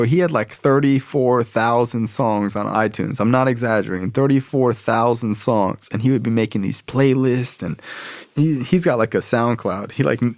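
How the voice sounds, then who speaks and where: A man's voice: medium pitch, creaky, a little mellow, no room sound, clean studio sound. A man sharing his life story as a podcast guest, blunt and profane, with emphatic repetition. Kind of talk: personal storytelling.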